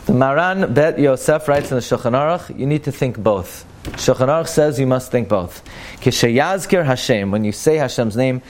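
A man's voice: medium pitch, lively intonation, moderate pace, darkish tone, slight background noise. A man teaching a classroom lesson on Jewish law. He talks emphatically, repeats Hebrew words to correct their pronunciation and asks rhetorical questions. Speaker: Torah teacher.

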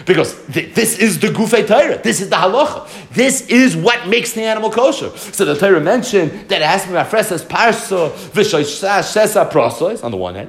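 Animated man giving an echoey Talmud lecture. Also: sits high. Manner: animated, rhetorical questions, mixes Hebrew and Yiddish terms. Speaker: Talmud teacher.

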